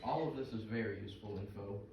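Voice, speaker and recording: A man's voice: lowish voice, fast talker, a little mellow, close to an everyday voice. An actor playing Mike, a chatty middle-aged fisherman who tells jokes and fish trivia in a comedy skit. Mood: storytelling. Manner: folksy, joke-telling, full of trivia. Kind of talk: scripted comedic dialogue. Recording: roomy, distant, noisy stage recording.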